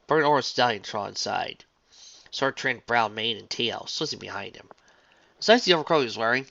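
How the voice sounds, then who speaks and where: A reader narrating a fan-written pony story in a lively, animated delivery, on a dull lo-fi recording. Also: medium pitch, normal speed, vocal fry, dry recording.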